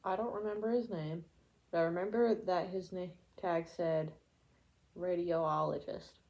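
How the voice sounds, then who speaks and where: A woman with a low, gravelly voice reads a book aloud. Her tone is dark and mellow. She keeps a steady pace, stumbling now and then and starting a word over. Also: a little slow, rough recording. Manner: steady reading with occasional stumbles and restarts. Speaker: audiobook reader. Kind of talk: amateur book reading aloud.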